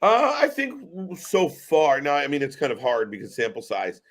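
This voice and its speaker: Animated man joking through a live stream. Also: medium pitch, moderate pace. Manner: joking, laughs often, swears freely. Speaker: co-host of a wrestling watch-along stream. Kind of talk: casual live-stream commentary.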